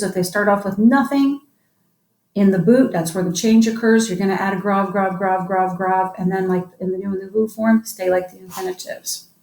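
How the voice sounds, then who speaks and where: A woman's voice: medium pitch, a little mellow, roomy sound, rough recording. A woman teaching French grammar to a class, upbeat and coaxing, drilling students with call-and-response prompts.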